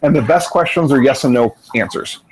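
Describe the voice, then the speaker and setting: A man of ordinary pitch coaches a student through an online voice chat. He explains patiently at length, repeating and restarting words as he goes. A faint hiss sits under his voice. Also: a little fast, a little mellow, rough recording. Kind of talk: teaching over voice chat. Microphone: online voice chat mic.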